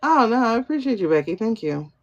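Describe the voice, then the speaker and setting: This woman talks fast in a sing-song voice on the high side, and the phone livestream recording is muffled. Hosting a tarot reading as a tarot and pendulum reader, she muses out loud, calls viewers by name, and asks herself questions she then answers.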